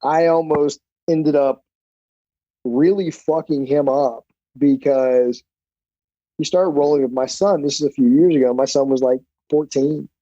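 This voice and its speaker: A middle-aged man tells stories bluntly and swears freely, with an animated delivery. His voice is fairly high but mellow and dark in colour. It comes through a dry, slightly dull podcast recording. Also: measured pace, dry recording. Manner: profane, blunt, animated storyteller. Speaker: podcast guest, black belt instructor. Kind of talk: casual storytelling interview.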